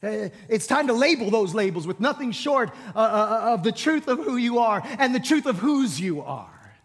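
A man preaching a sermon, swinging from hushed storytelling to loud exhortation and leading the congregation in call-and-response. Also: very high-pitched, big pitch swings, moderate pace, big-room sound. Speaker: pastor.

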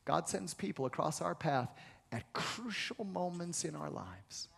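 A pastor delivers a sermon in a man's voice that sits on the high side, expressive and unhurried, a bit bright with vocal fry and a breathy edge. His delivery is dramatic and emphatic: he acts out conversations and builds to repeated phrases, with hall reverb on the recording.

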